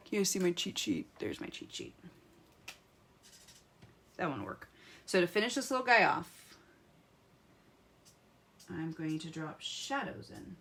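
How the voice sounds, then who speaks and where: A woman's voice: on the low side, sing-song, a little slow, long pauses, a bit bright, slight background noise. A woman hosting a live craft tutorial, chatting to viewers as she colors and muttering to herself as she picks pens. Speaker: craft demonstrator.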